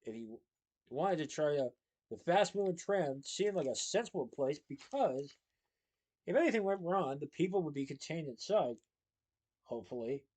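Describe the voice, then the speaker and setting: A man reading a children's novel aloud, in steady, lively storytelling. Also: fairly high pitch, moderate pace, rough recording.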